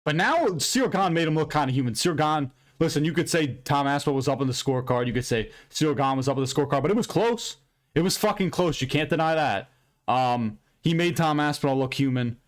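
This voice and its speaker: A man hosting an MMA recap channel, ranting loudly and profanely in an unscripted, rambling way. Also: fairly high pitch, expressive, quick pace. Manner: loud, profane, heated and emphatic; rambling with frequent restarts and fillers. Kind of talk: unscripted fight recap rant.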